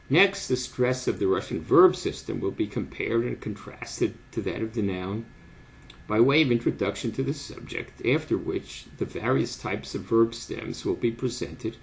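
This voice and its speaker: An older man giving a measured, formal academic lecture as the lecturer. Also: lowish voice, vocal fry. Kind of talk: academic lecture read from script.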